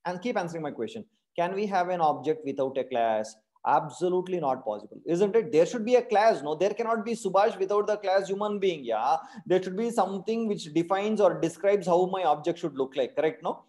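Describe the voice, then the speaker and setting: Indian English male coding tutor, online class; warm higher voice, keeps checking the class with repeated tag questions. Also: animated, brisk. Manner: calls his class "my dear friends". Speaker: programming teacher.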